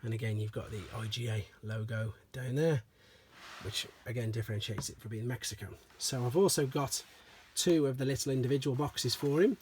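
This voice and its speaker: Relaxed and talkative, a husky-voiced man in the mid range shows off and reviews collectible toys, leaning on habitual phrases such as "as I say."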